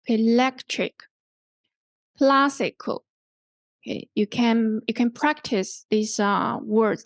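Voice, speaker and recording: A woman's voice: fairly high pitch, dry recording. A woman instructor giving a pronunciation workshop lecture. She repeats the example words and keeps checking in with "right?" and "okay?". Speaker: English language instructor.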